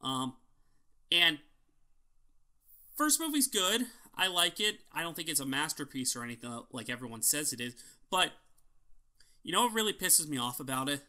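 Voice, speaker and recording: A man co-hosting a podcast in loose, casual chat. His voice is slightly high and very bright. He rants with strong opinions and swears freely. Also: sing-song, moderate pace, long pauses. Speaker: podcast co-host.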